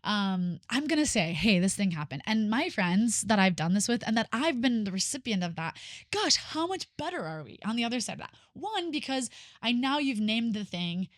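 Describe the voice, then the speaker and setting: A woman hosting a podcast, talking in an animated, casual way, searching for words and often checking in with "right?". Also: a little high, moderate pace, no room sound, studio quality. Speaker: podcast host. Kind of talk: casual conversation.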